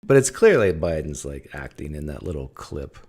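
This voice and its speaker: A man's voice: extremely low pitch, big pitch swings, moderate pace, darkish tone, slightly rough. Chatty, amused male podcast host. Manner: chatty, amused, loose, many fillers. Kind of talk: casual commentary.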